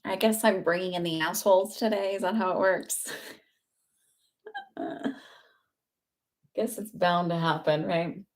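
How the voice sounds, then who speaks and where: A woman doing a live psychic medium reading, chatty and halting, with frequent fillers and laughter. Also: lowish voice, steady tone.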